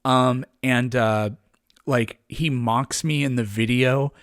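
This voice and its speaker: A man in a relaxed podcast conversation, circling his point with lots of fillers, restarts and quick laughs. His voice sits at an ordinary middle pitch. The sound is dry and close, with little room around it. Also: clean tone, no room sound. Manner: rambling, many restarts and fillers, laughs often. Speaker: podcast guest. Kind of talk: casual conversation.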